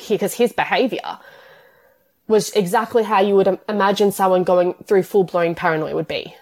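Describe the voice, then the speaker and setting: A woman, telling her story as an interview guest in long, tumbling run-on sentences full of "like". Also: fairly low pitch. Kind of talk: emotional personal interview.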